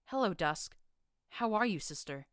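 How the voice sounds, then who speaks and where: A woman's voice: medium pitch, expressive, unhurried, no echo, studio quality, natural voice. A woman reading an earnest young pegasus mare in an audiobook, brittle and pleading.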